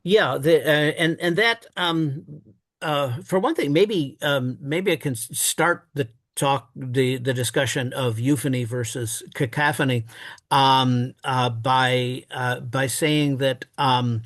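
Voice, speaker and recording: Halting, hesitant male scholar, dry sound. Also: medium pitch, fairly bright tone, no room sound. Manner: halting, many fillers and restarts; reads verse aloud with exaggerated stress. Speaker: guest scholar. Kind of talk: thoughtful interview answers.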